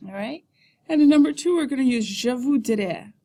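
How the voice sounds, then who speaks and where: A woman with a somewhat high voice teaches a recorded class on her computer. She explains in English and slows down to model each French phrase for students to repeat. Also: animated, dark tone.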